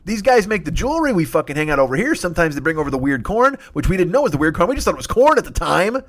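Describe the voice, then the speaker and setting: This comedy podcast host has a high-pitched voice, talks quickly, and is very animated. He tears through an off-the-cuff, foul-mouthed rant, dropping into goofy voices along the way.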